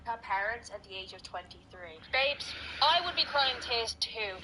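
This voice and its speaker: A woman's voice: fairly high pitch, expressive, moderate pace, background noise. A woman giving chatty, informal commentary and calling the viewer babes.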